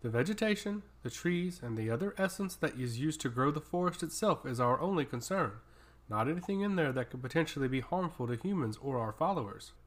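A man voicing a tall, stoic woman abbot who speaks in a flat, emotionless monotone, in an audiobook reading. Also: fairly high pitch, brisk. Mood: cold.

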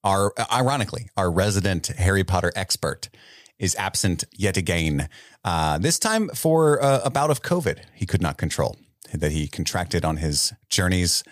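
A man's voice: low-pitched, expressive, moderate pace, dry recording, studio quality. A man co-hosting a podcast in casual chat, chatty and laughing often, sometimes reading listener emails aloud. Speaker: podcast co-host.

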